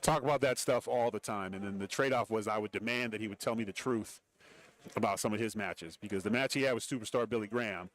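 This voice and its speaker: A man's voice: fairly low pitch, quick pace, fairly bright tone. A man being interviewed on a radio show, rambling through stories about his career and acting out quotes. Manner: rambling anecdotes with acted-out quotes. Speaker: interview guest, former wrestler. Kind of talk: casual interview storytelling. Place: radio row at a large event.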